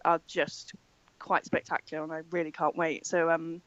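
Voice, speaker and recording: A woman's voice: low-pitched, little pitch movement, moderate pace, fairly bright tone, dry recording, highs cut off. A woman and drag performer answering interview questions, upbeat and giggly with polished diction.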